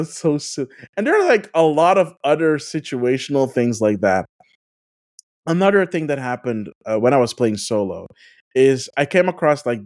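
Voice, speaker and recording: A podcast host spinning a casual gaming anecdote with a lively, wide-ranging pitch that swoops up and down. The delivery is animated and sprinkled with "like" fillers. The voice sits at a middling pitch. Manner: laughs through stories.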